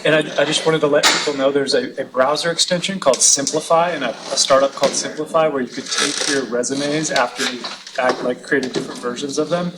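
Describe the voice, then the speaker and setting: A man's voice: a little high, fairly even intonation, brisk. A man in the audience adding a casual, hesitant comment after a talk, restarting his words as he goes. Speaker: audience member. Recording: noisy room.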